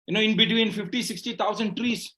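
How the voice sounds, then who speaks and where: A man with a high voice and a Malayali Indian English accent delivers a motivational speech. He fires off rhetorical questions and checks in with the crowd by asking "right?" after each point. His delivery stays animated throughout. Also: fast. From Kerala, India. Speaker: motivational speaker.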